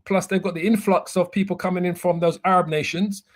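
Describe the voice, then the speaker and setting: Male bishop, higher-pitched, casual teaching tone. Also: fairly even intonation, a little fast. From United Kingdom. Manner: laughs at himself, stumbles over pronunciations. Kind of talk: Bible teaching.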